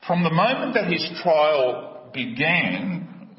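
An impassioned man preaching a sermon, his voice sitting a little high. He presses his points with pointed questions. The recording is dull and distant, with a long echo from a church hall. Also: very animated, takes it slowly. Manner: impassioned, rising to emphatic questions. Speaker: pastor. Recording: echoey hall, distant mic, dull sound.

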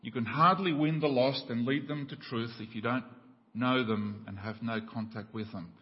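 A man with an Australian accent, a pastor preaching a sermon in a church, telling a joke with rising excited voices. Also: normal speed. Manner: preaching with a joke, voices climbing high in the tale. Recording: dull church recording with long reverb.

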